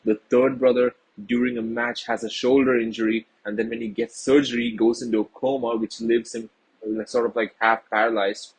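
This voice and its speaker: A man's voice: medium pitch, lively intonation, fairly quick, gravelly, husky, rough recording. A man giving a casual, rambling film review to his viewers, earnest and full of fillers.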